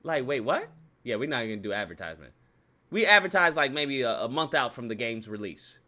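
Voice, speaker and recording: A man mimicking a bored, dismissive male game studio staffer in a low, weary mumble. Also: very animated, fairly quick, sharp tone.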